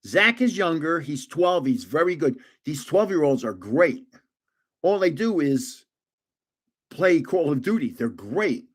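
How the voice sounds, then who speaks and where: This livestream host, a man in his seventies, speaks a little high and a little slowly. His casual gaming stories come out animated, peppered with laughs and restarts.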